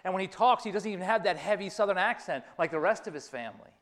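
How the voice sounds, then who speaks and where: A man's voice: high-pitched, lively intonation, fast, fairly bright tone. A man preaching a sermon, telling a story and repeating key phrases for emphasis. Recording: long reverb of a large hall.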